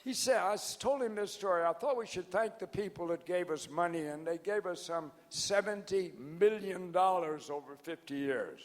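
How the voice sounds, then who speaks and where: A man's voice: sits high, moderate pace, few pauses. A man of ninety, hard of hearing, giving a folksy, joking anniversary speech that wanders as he loses his place. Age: 90s. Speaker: founder giving anniversary address. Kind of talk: rambling anecdotal speech to a crowd. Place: large event hall. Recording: large hall with faint crowd and noise.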